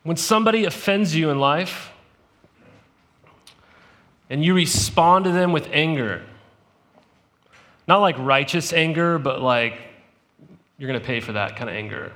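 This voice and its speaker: A man's voice: fairly high pitch, a little slow, pauses often, a bit bright. A man preaching a sermon as pastor, talking in a conversational way and putting questions to the congregation.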